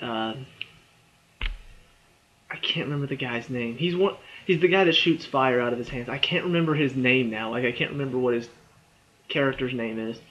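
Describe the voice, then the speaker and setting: A young man chats his way through a movie trailer review in a loose, rambling style, stopping and restarting his thoughts. He sounds a bit tired, and his voice sits at an ordinary middle pitch. The recording is dull and lo-fi. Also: a bit bright. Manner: rambling and chatty, with frequent fillers, restarts and little laughs. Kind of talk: casual spoken review.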